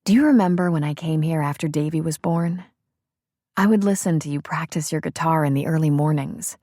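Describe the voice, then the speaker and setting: A woman reading the part of a woman newly in love in an audiobook, with soft, breathy, wondering delivery. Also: sits low, a little fast, no room sound, clean studio sound. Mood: playful.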